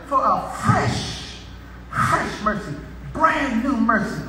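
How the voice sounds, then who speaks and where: High-voiced preacher in an echoey hall. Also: male voice, big pitch swings, slow pace, far from the mic, background noise. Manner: builds to shouted repetitive crescendos. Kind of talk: sermon. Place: church sanctuary.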